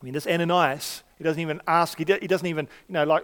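A man preaching a sermon in a conversational way, often pausing on fillers and restarting his sentences. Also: on the high side. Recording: long reverb of a large hall.

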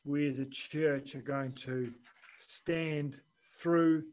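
A man preaching a sermon in an earnest, measured way, dropping quiet and then rising for emphasis. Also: a little high, fairly even intonation, rough recording. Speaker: pastor.

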